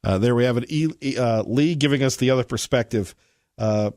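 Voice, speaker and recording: A man's voice: mid-range voice, brisk, a little mellow, no echo. A male talk radio host in a studio, chatty and upbeat, introducing guests and callers. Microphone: studio microphone.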